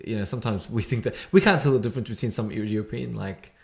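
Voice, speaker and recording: An Australian man hosting a casual podcast, telling stories excitedly with many restarts. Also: fairly low pitch, fast talker, creaky. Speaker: podcast host. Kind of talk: casual chat.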